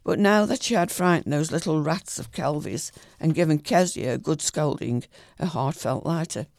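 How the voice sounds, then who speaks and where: A man reading a short story aloud in a calm, even way, with the odd small slip. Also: a little high, moderate pace, gravelly, no room sound, clean studio sound.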